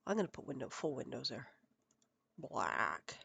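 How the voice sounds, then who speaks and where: A woman's voice: very deep voice, big pitch swings, moderate pace, creaky, fairly bright tone, breathy edge. A woman streaming a building game, chatting and muttering to herself as she works, her nose stuffed up from a cold. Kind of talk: casual live gameplay commentary.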